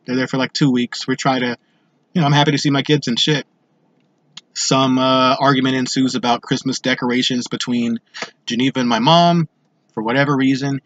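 A man's voice: mid-range voice, dry recording, dull audio. A man hosting his own show, telling a personal story in a blunt, rambling way, swearing constantly. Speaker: show host. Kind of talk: profane personal storytelling monologue.

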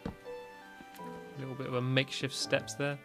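A man chats his way through a building game, rambling and dotted with fillers and little laughs. His voice sits in an ordinary middle pitch. Quiet music plays underneath. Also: completely flat delivery, a little slow. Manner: chatty and rambling, with frequent "like" fillers and small laughs. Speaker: gaming video host. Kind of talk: casual gameplay commentary.

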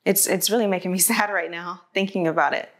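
A woman's voice: lowish voice, fairly even intonation, quick pace. A woman as an interview guest speaking candidly and hesitantly, with many fillers, on a lapel mic in a studio. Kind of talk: casual conversational interview. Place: indoor studio with white background.

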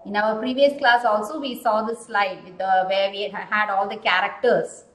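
A woman teaching an English lesson, explaining slowly, repeating key words and asking the class questions. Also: mid-range voice, steady tone. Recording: roomy echoing room.

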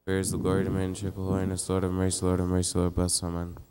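A man reciting church prayers in a fast, flat, chanting monotone during a live-streamed liturgy. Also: low voice, clear, resonant tone. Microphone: live stream mic.

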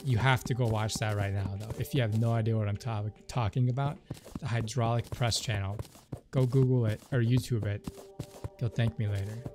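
A man's voice: lowish voice, fairly even intonation, moderate pace. A man giving casual, rambling commentary as he plays a video game. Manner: chatty, rambling asides. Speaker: let's play host. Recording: game music behind the voice.

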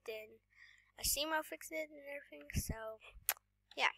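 A woman giving casual gameplay commentary while sick, coughing now and then, excitable and often dropping to a whisper. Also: high-pitched, normal speed, no echo. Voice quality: voice sounds off today. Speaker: gaming YouTuber.

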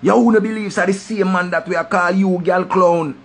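A man's voice: high-pitched, steady tone, moderate pace, hardly any pauses. A man with a Jamaican accent giving impassioned, preachy advice straight to camera, repeating his points for emphasis. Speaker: vlogger giving life advice.

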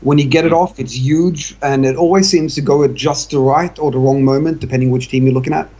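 A man from Australia with a softened Australian accent tinged with British, commentating a video game in an easygoing, chatty way. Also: a little high, steady tone, fairly quick, muffled recording. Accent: Australian, softened with some British. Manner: easygoing, chatty, self-deprecating. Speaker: co-caster.

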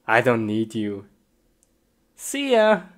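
A woman acting out a comedy skit, excitable, breaking into shrieks and giggles. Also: rumbling low, extremely slow, noisy background.

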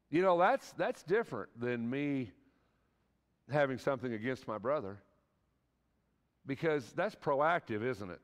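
A man's voice: mid-range voice, lively intonation, unhurried, long pauses, big-room sound. A man teaching a church class in a conversational sermon style, earnest and folksy, often asking the class rhetorical questions.

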